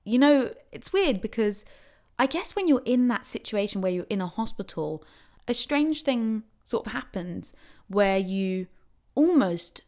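A young woman casually telling a personal story, animated and acting out what people said. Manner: animated, acts out quotes with big pitch swings. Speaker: new mother telling her birth story.

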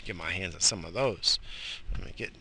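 A man's voice: low voice, a little fast, creaky, pushed and bright, breathy edge. A tired, yawning man rambling jokingly and with lots of swearing as he vlogs from inside his car. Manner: rambling, profane, jokey. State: exhausted, yawning. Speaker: vlogger. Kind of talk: casual rambling vlog while driving.

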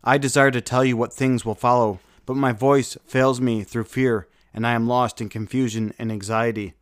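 A man giving a solemn, measured devotional reading of saints' lives, with a few small slips. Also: medium pitch, flat delivery, clean tone, no echo, studio quality.

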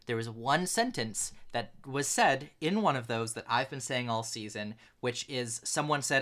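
Bright-voiced emphatic male podcast host. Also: mid-range voice, expressive, normal speed, hardly any pauses. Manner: emphatic, repeats points for stress. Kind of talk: casual chat.

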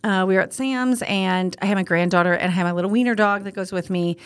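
An older woman co-hosting a casual podcast, telling stories in a rambling, animated way with many restarts. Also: medium pitch, quick pace, clean tone. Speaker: podcast co-host.

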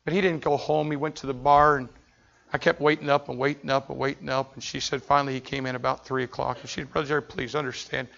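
Man pastor preaching, gravelly, bright, dull lo-fi recording, shouts then hushes. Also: mid-range voice, flat delivery, fast. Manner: intense storytelling, swings from shouting to hushed. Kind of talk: sermon.

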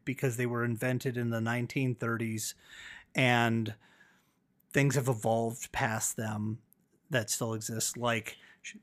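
A man co-hosting a podcast, chatting casually in a rambling, profane, animated way. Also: mid-range voice. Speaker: podcast co-host. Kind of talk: casual chat about wrestling.

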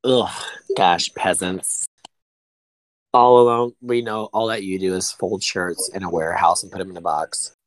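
A man's voice: sits low, steady tone, measured pace, no echo, rough recording. A man co-hosting a casual podcast, teasing his friend with blunt, profane jokes. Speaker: podcast co-host.

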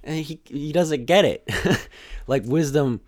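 A man's voice: fairly high pitch, slow pace, a little mellow, no room sound, studio quality. A man giving a casual, rambling spoken film review. He sounds exasperated and sarcastic, and he often restarts his sentences.

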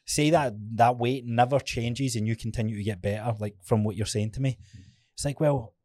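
Scottish male fitness coach, podcast co-host; candid, profane, animated storyteller; mid pitch, dry close mic. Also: normal speed, no room sound. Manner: frank, swears often, acts out his own anecdotes. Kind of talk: casual podcast chat.

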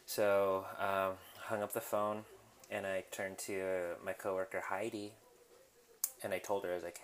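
A young man with a somewhat low voice talks through a personal story in a loose, candid way. He stops and restarts often and fills gaps with ums. He is recording himself at home in his apartment. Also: little pitch movement, moderate pace. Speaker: podcast host. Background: household noise.

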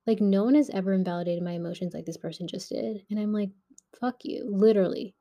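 A young woman talks straight into her podcast mic in a loose, rambling monologue. She sounds worked up and candid. Her voice has a mellow, dark warmth at an ordinary middle pitch. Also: fast. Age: young adult. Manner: candid, animated, heated. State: agitated and shaken. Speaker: podcast host.

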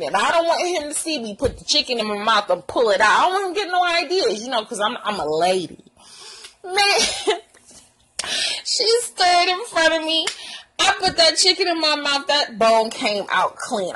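Husky young woman telling a wild story. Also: rough recording. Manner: animated, profane, acts out quotes in a higher voice. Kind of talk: casual storytime vlog.

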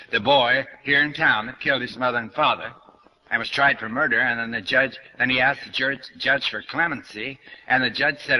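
An older man, a New Thought lecturer, gives a spiritual lecture to an audience in a medium-pitched voice that sounds pushed and bright. He's blunt and questioning, addressing his listeners directly, on a low-quality recording.

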